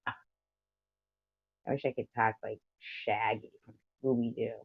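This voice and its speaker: A woman's voice: rumbling low, level tone, slow, vocal fry, slightly rough, no echo. Rambling American woman on a lo-fi livestream. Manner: rambling, giggly, reads out viewer comments. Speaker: livestream host. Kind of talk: casual livestream chat. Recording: dull lo-fi stream audio.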